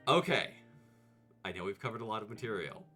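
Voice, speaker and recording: A man streaming comedic movie commentary, animated, profane and sarcastic. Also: fairly low pitch, a little fast, soft background music.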